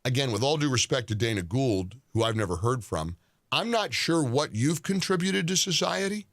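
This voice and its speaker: Male commentator, indignant and deliberate, dry recording. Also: mid-range voice, expressive, a bit bright, no echo. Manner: indignant, deliberate, stressing words. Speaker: political commentator. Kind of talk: scripted commentary monologue.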